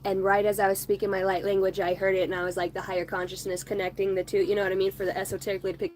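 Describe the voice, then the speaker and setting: An American woman hosting a spiritual livestream, telling a rambling, profanity-laced story in casual, animated talk. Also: medium pitch, a little hiss or hum. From United States. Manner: profane, animated, fast-rolling anecdote. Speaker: livestream spiritual channel host. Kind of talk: casual storytelling to a live audience.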